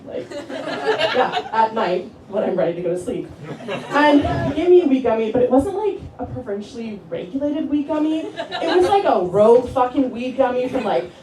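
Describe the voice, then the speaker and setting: A woman in her thirties from Canada doing a stand-up comedy set, telling stories in a chatty style full of fillers and landing deadpan punchlines. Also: a little high, background noise. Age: 30s. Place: comedy club stage. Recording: roomy club sound from a distance, loud crowd laughter. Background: audience laughing.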